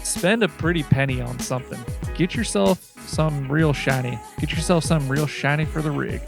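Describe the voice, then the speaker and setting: A man's voice: a little high, brisk, creaky, over music. A man hosting a podcast, doing a loose, joking sponsor read full of slang. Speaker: podcast host reading a sponsor spot.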